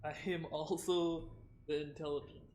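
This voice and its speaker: A man's voice: fairly high pitch, level tone, normal speed, darkish tone, a little hiss or hum. A man playing a tabletop game who jokes casually with the others at the table. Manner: playful, joking. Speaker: player. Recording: echoey room with faint music.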